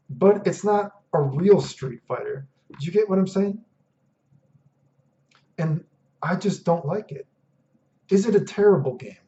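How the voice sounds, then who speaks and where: A man's voice: on the high side, dark tone. A man ranting in a vlog, profane, exasperated and sarcastic. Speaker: vlogger. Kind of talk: ranting monologue. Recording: dull lo-fi audio.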